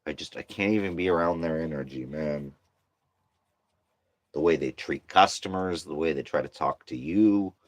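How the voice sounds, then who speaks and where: Deep-voiced weary man venting. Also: normal speed, dry recording. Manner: weary and heated by turns, profane, slangy. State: exhausted. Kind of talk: venting monologue.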